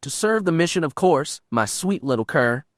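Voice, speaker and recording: A man voicing a scheming female Sith dark lord in an audiobook, purring and taunting. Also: on the high side, very animated, normal speed, no room sound, clean studio sound, voice pushed up.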